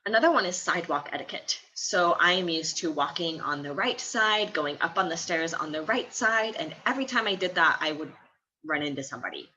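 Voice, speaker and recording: Bright-voiced young Midwestern woman. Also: lowish voice, expressive, brisk, slight background noise, poor audio. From American Midwest. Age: 20s. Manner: chatty, laughs often between phrases. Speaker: study abroad student. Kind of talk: casual vlog talk.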